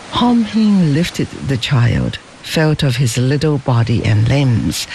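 A man narrates a story slowly, in a fairly high voice that rises and falls with lively expression. Soft music plays faintly behind him. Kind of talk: scripted audiobook narration.

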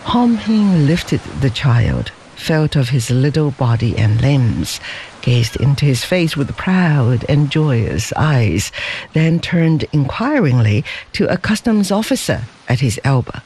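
A man narrating a story in a measured, expressive reading. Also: mid-range voice, a little hiss or hum, low-quality recording. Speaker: audiobook narrator.

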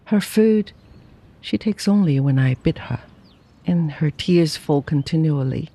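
Reader doing sad merchant dad in an old story, slow, mellow and kinda husky. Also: mid-range voice, animated. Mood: mournful. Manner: slow, sorrowful and plain-spoken. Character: grieving middle-aged Chinese merchant father, quiet and mournful.

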